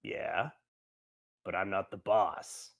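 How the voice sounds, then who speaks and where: Man doing a gruff curt hired-gun guard. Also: low voice, steady tone, slow, pitched below the performer's own voice, exaggerated voice.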